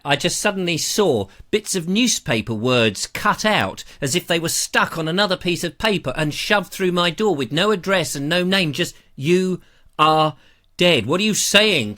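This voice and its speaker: A man's voice: a little high, sing-song, moderate pace, few pauses, bright, forceful tone. A middle-aged English man hosting a live online show, chatting casually and reading out viewer comments in a rambling, playful way.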